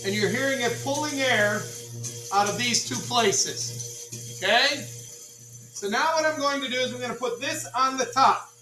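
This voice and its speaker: A male chemistry teacher running a classroom demonstration, joking with students, repeating "all right" and calling the class ladies and gentlemen. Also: very high voice, normal speed, over music. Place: school classroom. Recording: echoey classroom from far off.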